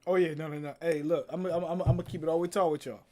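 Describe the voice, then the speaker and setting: Young philly guy, kinda high voice, telling stories on stream, doing everybody's lines and laughing a lot. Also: racing. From Philadelphia. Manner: animated storyteller, acts out quotes, laughs often. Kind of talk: casual chat.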